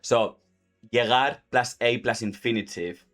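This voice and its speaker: A man's voice: medium pitch, measured pace, a bit bright. A Spanish-speaking man, casually teaching Spanish while gaming, chatty and full of "like". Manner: chatty, heavy use of "like", laughs often. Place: at home. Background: faint game music.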